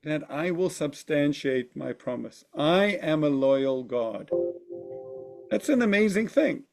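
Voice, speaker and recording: A man's voice: a little high, animated, slow pace, creaky, a little mellow, faint music behind. A man teaching a text study class, thinking aloud and often checking in with his listeners. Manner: thoughtful, often asks "right?".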